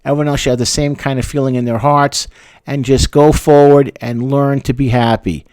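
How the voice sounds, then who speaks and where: A man's voice: mid-range voice, steady tone, normal speed, darkish tone, smooth, dry recording. A sarcastic male therapist giving advice. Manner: sarcastic, emphatic repetition. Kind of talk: advice talk to camera.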